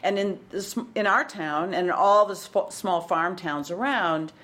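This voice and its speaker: Midwestern lady in her 60s chatting as a guest, thinks out loud, lots of ums. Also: on the low side, unhurried. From Wisconsin, US Midwest. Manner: reflective, frequent fillers and restarts. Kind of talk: casual interview chat.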